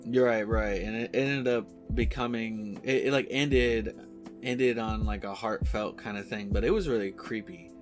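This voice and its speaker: A man co-hosting a casual podcast chat who agrees easily and retells scenes in a relaxed way. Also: on the low side, normal speed, faint music behind. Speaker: podcast co-host.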